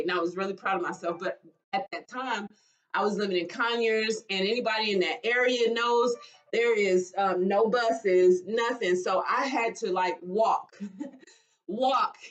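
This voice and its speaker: A woman, talking in a halting, emotional way in a personal vlog, with sighs and restarts. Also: mid-range voice, distant mic, lo-fi sound. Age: 40s. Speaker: vlogger.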